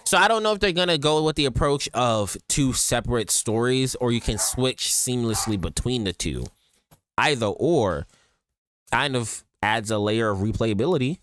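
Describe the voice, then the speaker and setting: A man chatting casually as he reacts to a game trailer, loose and slangy, with sudden excited outbursts. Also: medium pitch, normal speed. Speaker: reaction streamer.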